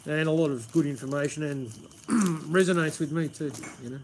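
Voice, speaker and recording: A man's voice: on the high side, moderate pace, slight background noise. An Australian man hosting a live stream, rambling casually, swearing and saying "man" a lot, outdoors under a pergola. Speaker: livestream host.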